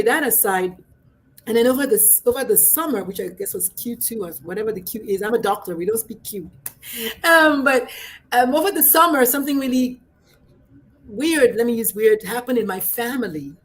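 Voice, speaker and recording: A middle-aged woman, a pediatrician and life coach, talking in a brash, outspoken way in a casual livestream chat, swinging between loud and soft. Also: mid-range voice, a little hiss or hum.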